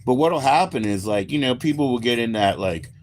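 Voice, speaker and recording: An American livestreamer talks fairly quickly in an expressive, mid-range voice, rambling casually to his viewers. He is laid-back and curses freely, and there's slight background noise.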